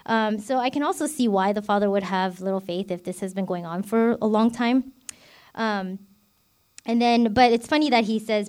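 A woman's voice: mid-range voice, normal speed, a little mellow, clear, resonant tone. Chatty woman teaching scripture. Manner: chatty, filler-heavy, self-revealing. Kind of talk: informal bible teaching.

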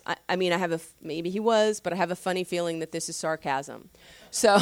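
A woman's voice: fairly low pitch, fast, dry recording, clean studio sound. Chatty woman pastor teaching Scripture. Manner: conversational, chatty with frequent laughs and fillers; animated, slangy asides. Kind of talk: casual Bible teaching.

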